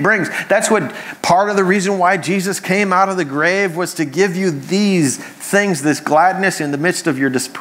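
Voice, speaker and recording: A man's voice: on the high side, a bit bright. Conversational man preaching a sermon. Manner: conversational and humorous, with quick asides. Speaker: pastor.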